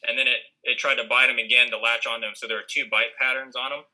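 A man's voice: medium pitch, flat delivery, fast talker, pushed and bright, poor audio. A man casually telling a long story with lots of fillers and restarts. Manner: rambling, many fillers.

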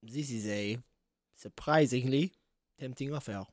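A man's voice: mid-range voice, unhurried, darkish tone, no echo, studio quality. A man playing a tabletop role-playing game, joking and laughing as he voices his character. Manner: playful, laughs often. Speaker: player. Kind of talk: tabletop role-play chat.

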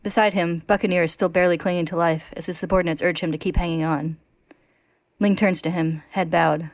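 Woman podcast co-host, lower voice, dry close sound, laughs easily. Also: steady tone, fairly quick, no room sound. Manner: laughs often, reads steadily. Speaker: podcast co-host reading a recap. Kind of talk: casual chat and read-aloud story summary.

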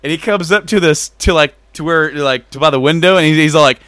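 A man's voice: fairly high pitch, fast talker, a bit bright, dry recording, studio quality. A man co-hosting a podcast in casual chat, with loose, profane, laughing banter. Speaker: podcast co-host.

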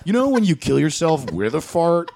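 A man's voice: on the high side, big pitch swings, moderate pace, vocal fry, background noise. A man co-hosting a comedy podcast, talking in a rambling, self-deprecating way full of fillers. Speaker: podcast co-host, stand-up comic. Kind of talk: casual comedic podcast banter.

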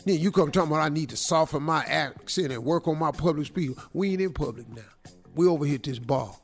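A man's voice: on the high side, fast talker, faint music behind, close to an everyday voice. A man playing a brash 43-year-old manager who talks back to his older boss in blunt street slang. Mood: defiant.

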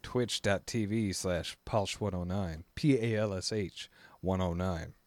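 A man's voice: low voice, unhurried, a little mellow, no room sound. A man co-hosting a casual podcast, teasing and bantering with the others. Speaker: podcast co-host. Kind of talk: casual chat.

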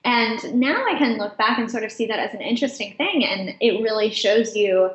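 A woman with a high voice, a guest telling a personal story in a conversational way, laughing often as she talks. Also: moderate pace, a bit bright, reverberant, highs cut off. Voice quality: high-pitched voice. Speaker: interview guest.

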